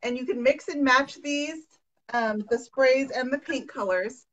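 A young woman hosts a live painting chat, warm with enthusiasm and quick encouragement. Her voice is high, and the recording sounds dull and lo-fi. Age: young adult. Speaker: host. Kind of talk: casual live demo chat.

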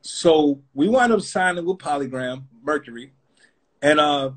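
Husky man telling a story. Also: a little high, animated, unhurried. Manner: loose and rambling, full of fillers like "you know what I'm saying". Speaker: rapper, interview guest. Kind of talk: casual storytelling.

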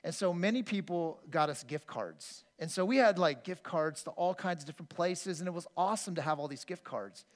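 This high-voiced pastor speaks briskly, barely pausing, his voice echoing with the long reverb of a church hall. Preaching from the sanctuary, he delivers an earnest, expressive, conversational sermon built on personal stories, with frequent restarts.

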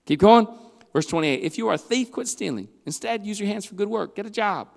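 A man preaching a youth sermon in a church, animated and swinging between loud and hushed. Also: high voice, brisk, vocal fry. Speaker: youth pastor. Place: church hall. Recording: long hall reverb.

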